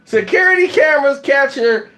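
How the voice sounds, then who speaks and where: A man telling a funny story, laughing often and acting out the people in it with shouted lines. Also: very high-pitched, expressive, normal speed. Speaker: channel host telling a story. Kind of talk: animated comic storytelling.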